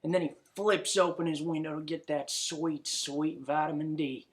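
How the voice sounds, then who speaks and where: A man's voice: fairly high pitch, flat delivery, normal speed. A man narrating a comic story in a laid-back drawl full of folksy slang.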